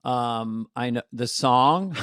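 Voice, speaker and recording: A man's voice: medium pitch, slow, fairly bright tone, dry recording. Playful older man, dry studio voice. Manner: playful, laughing, self-deprecating. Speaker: podcast co-host. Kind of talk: casual comedy chat.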